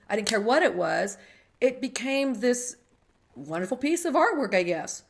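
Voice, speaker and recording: Animated middle-aged woman hosting. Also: on the high side, a little slow. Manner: animated storyteller, acts out quoted voices. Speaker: host. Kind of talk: casual interview chat with storytelling.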